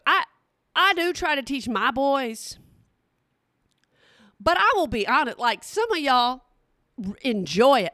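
A woman's voice: sits high, sharp tone, no room sound, clean studio sound. A middle-aged woman, talking bluntly and playfully straight to her audience in a casual comedic monologue. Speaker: vlogger.

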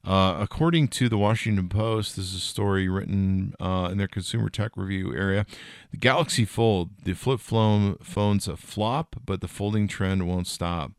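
A man's voice: low-pitched, normal speed, clean tone, no echo, studio quality. A middle-aged man hosting a podcast, chatting casually about tech news with rambling, jokey asides and lots of fillers. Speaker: podcast host.

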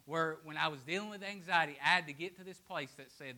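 A man preaches a sermon with a bright, slightly high voice. He swings between loud, emphatic declarations and hushed, almost whispered lines. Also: fast, few pauses.

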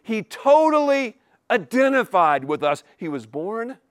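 A male pastor delivers his sermon in a high, very expressive voice that rises and falls dramatically. He hammers single words over and over and fires rhetorical questions at the congregation, sometimes stumbling over his own words as he speeds up. The sound is dry and close. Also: a little slow, no echo. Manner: animated, repetitive emphatic preaching with rhetorical questions.

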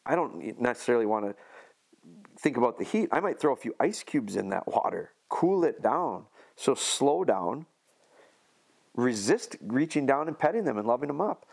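A man's voice: mid-range voice, sing-song, normal speed, creaky, darkish tone. A man casually explaining dog training on a podcast, leaning on homespun analogies and restarting his sentences often.

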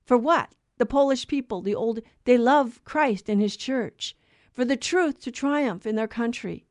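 A woman co-host teaches about faith in a conversational way. She tells stories earnestly and acts out the voices she quotes. Her voice sits a little high, and the recording is dry and close. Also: measured pace, dry recording. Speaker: co-host of a Catholic talk show.

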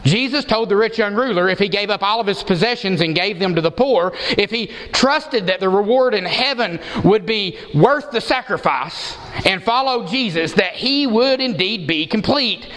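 A man's voice: high voice, expressive, normal speed, few pauses, fairly bright tone, big-room sound, low-quality recording. A man preaching an expository sermon, emphatic and given to repeating words for stress.

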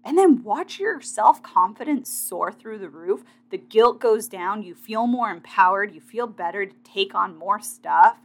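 A woman's voice: medium pitch, animated, measured pace, hardly any pauses. Chatty motivational woman. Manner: chatty, direct, addresses listeners as "guys". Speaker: fitness competitor sharing advice. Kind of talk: casual motivational monologue.

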